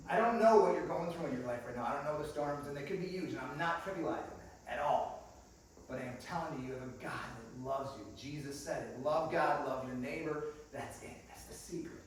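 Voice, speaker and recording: A man's voice: a little high, brisk, slight background noise. A male pastor telling funny stories in a sermon and calling the congregation friends, recorded from a distance in a church hall. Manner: lively, humorous storyteller who calls the congregation friends. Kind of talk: storytelling sermon. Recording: echoey hall, distant mic.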